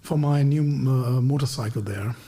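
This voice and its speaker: A man with a German accent hosting a podcast, speaking halting English and hesitating often. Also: mid-range voice, warm tone. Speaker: podcast host. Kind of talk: casual podcast chat.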